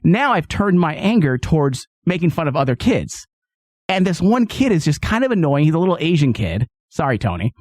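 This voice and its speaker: Animated thirtysomething guy hosting a podcast, kinda high voice, dry close mic. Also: a little fast, no echo. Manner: animated, joking, stumbling restarts. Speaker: podcast host. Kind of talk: casual comedic chat.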